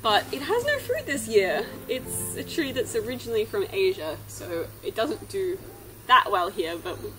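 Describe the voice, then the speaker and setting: A young woman talks in a chatty, enthusiastic way as she walks through an orchard, and her pitch rises and falls a lot. Clear background music plays under her voice. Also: very animated, moderate pace, fairly bright tone, poor audio. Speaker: farmer giving an orchard tour. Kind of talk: casual vlog narration. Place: outdoors in an orchard.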